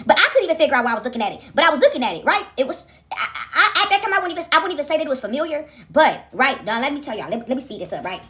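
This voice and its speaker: A fast-talking woman with a high, bouncing voice tells a home story straight to her viewers. She keeps checking in with them, chats loosely and laughs along as she goes. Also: big pitch swings, bright, forceful tone. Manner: chatty, addresses viewers as "y'all", frequent "right?"; laughs often while telling stories. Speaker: vlogger.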